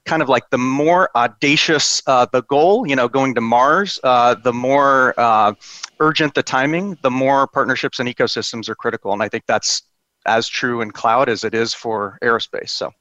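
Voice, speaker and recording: A man speaking as a panel guest, thoughtful, with many ums and uhs as he pauses to think. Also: medium pitch, bright, forceful tone, dry recording, highs cut off. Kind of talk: conversational panel talk.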